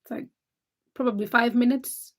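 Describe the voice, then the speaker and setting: Young woman, livestream host, tired, teasing, chatty, slightly high voice. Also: fairly even intonation, normal speed. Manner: chatty, teasing, answers viewers by name. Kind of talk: late-night livestream chat reading comments.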